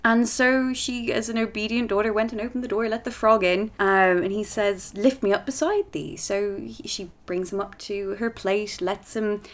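A woman's voice: mid-range voice, flat delivery, moderate pace, few pauses. A woman reading a fairy tale aloud in a casual way, with playful asides and laughs. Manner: chatty, laughs between lines, playful asides.

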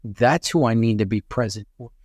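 A man's voice: mid-range voice, moderate pace, a little mellow, no room sound, clean studio sound. A man being interviewed, earnestly recounting a personal experience with many restarts and fillers. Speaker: podcast guest. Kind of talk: conversational storytelling.

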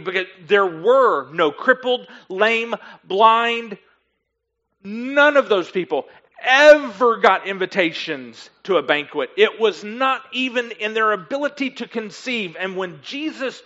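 A man preaching with a high, bright voice that swings widely up and down. He tells the story in an animated way, slipping into the voices of the people in it. The sound of the recording is dull and lo-fi. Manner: animated storytelling, acting out listeners and guests. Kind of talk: sermon.

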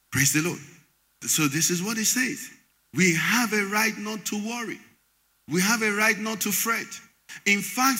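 A man's voice: high-pitched, sharp tone. A man preaching a sermon, quizzing the congregation so they fill in his words. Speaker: pastor. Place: large church hall. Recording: echoey church hall.

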